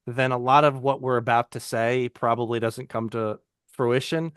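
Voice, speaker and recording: A man's voice: medium pitch, steady tone, moderate pace, a bit bright, smooth, no echo, studio quality. A man co-hosting a casual fantasy football podcast, talking loosely with frequent restarts. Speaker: podcast co-host.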